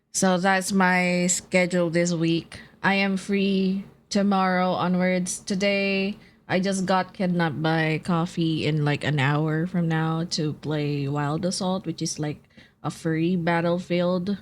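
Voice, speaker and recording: A young woman streamer chatting casually with viewers in a low, groggy voice from just waking up, laughing and swearing easily while she eats. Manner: laid-back, laughs often, swears casually, chats with viewers while eating. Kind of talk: casual live-stream chat.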